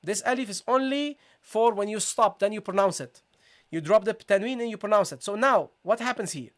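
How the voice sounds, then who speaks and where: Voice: mid-range voice, fairly quick. A Quran recitation teacher giving a live online tajweed lesson, patiently repeating syllables aloud and checking that viewers follow. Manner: addresses viewers as "guys" and checks understanding.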